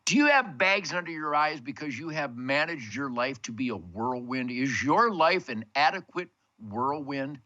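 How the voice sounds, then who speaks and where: A man's voice: medium pitch, expressive, normal speed, hardly any pauses, pushed and bright, dull audio. An older man hosting a rambling, emphatic monologue from his home man cave, full of big words and wordplay. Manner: bombastic, emphatic, wordplay-heavy. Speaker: host.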